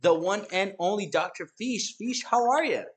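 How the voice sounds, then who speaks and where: A man's voice: high-pitched, expressive, normal speed. A man hosting a live-streamed game show, introducing each player in a casual, chatty way with frequent ums. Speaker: host.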